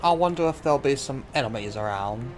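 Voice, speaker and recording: A man's voice: mid-range voice, expressive, fast, a crowd in the background. A man playing a video game and chatting, goofy and jokey, swearing at enemies. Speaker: player in a game playthrough. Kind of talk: casual gaming chat. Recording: game music behind voices.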